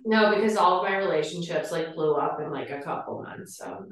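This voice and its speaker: A woman's voice: fairly low pitch, a little fast. A woman hosting a podcast interview, asking questions in a brief, casual way. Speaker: podcast host. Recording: roomy, distant mic.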